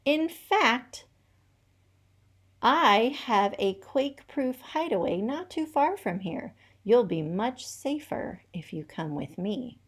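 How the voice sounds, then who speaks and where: A woman voicing a sly, conniving male weasel who talks in a smooth, coaxing way in a read-aloud storybook. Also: fairly high pitch, animated, slow pace, pitched above the performer's own voice, heavily acted.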